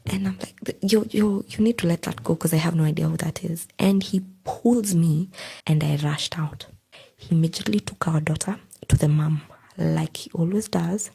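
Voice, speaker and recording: A woman's voice: lowish voice, normal speed. A young woman telling her own story on a podcast, acting out the lines of the people in it as she goes. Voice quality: very husky, breathy. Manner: animated retelling, acting out quoted lines. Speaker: podcast guest. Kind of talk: personal storytelling.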